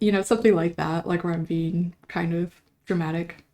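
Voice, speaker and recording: A young woman talks casually to her stream, rambling and poking fun at herself. Her voice sits a touch low, and her throat is still slightly sore. The delivery is loose, full of asides. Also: brisk, hardly any pauses, dark tone. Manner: rambling, chatty, self-deprecating. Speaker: livestream host. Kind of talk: casual chat.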